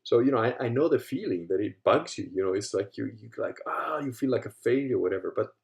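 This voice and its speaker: A man in his fifties, from Africa, telling stories in a casual monologue, swearing freely and swinging between low muttering and loud, animated retelling. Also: quick pace, vocal fry. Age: 50s. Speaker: host.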